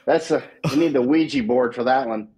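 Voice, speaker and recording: Husky, emphatic man in casual talk. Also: mid-range voice, fairly quick, a little mellow, rough recording. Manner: emphatic, repeats words, laughs at his own jokes. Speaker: war correspondent guest.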